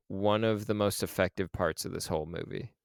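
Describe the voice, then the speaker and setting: A man's voice: low-pitched, steady tone, normal speed, gravelly, dry recording, studio quality. A man co-hosting a podcast, chatting casually about a film. He swears freely and acts out lines from it. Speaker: podcast co-host.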